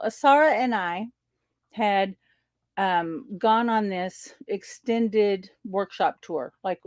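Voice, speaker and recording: A woman teacher telling a personal story in an animated way, acting out the exchanges and laughing often. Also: mid-range voice, dry recording. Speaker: spiritual teacher. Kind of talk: storytelling monologue.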